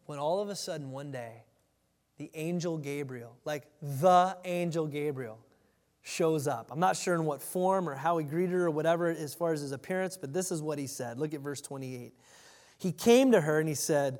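A male pastor preaching a conversational sermon, animated at times and dropping to a hush for emphasis. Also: high-pitched, moderate pace, long reverb tail.

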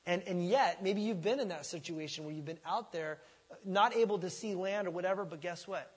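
A man preaching a sermon as pastor, talking conversationally and with animation, swinging from loud emphasis to hushed asides. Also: high-pitched, brisk, husky. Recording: long reverb of a large hall.

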